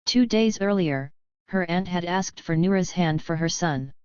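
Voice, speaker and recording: Grave woman reading in a low, smooth voice. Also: unhurried, a little mellow, dry recording, lo-fi sound. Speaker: reader of first-person testimony. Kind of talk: measured audiobook reading.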